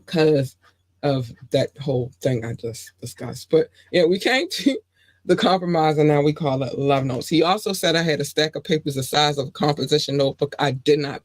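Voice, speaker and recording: Woman podcast host, forties, gushing affectionate chat, close dry mic, fairly low voice. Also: no room sound. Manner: effusive, affectionate shout-outs to listeners. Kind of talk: casual podcast monologue.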